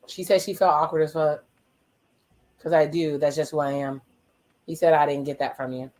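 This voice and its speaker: A casual watch-along host who talks back at the screen at a medium pitch. The host swears freely, drops wry exclamations and slips into quick quoted voices to retell what the people on screen say. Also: little pitch movement, a little mellow. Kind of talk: casual reaction commentary.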